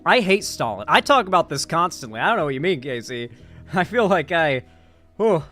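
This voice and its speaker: Young man, political streamer, rambling chat-reading talk, fairly high voice, soft music underneath. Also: sing-song, moderate pace. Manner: casual, rambling, reacts to chat.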